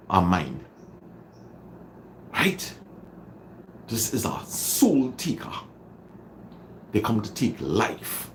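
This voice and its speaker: With a voice on the low side, a man from Trinidad and Tobago runs a motivational livestream in his Trinidadian accent. He greets those watching and repeats phrases dramatically for emphasis, over slight background noise.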